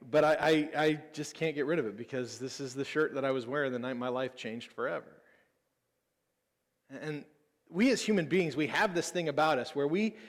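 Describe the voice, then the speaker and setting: Man in his thirties preaching in an echoing church. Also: fairly high pitch. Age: 30s. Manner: casual, personal storytelling with self-deprecating humor. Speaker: pastor. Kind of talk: conversational sermon. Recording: long hall reverb.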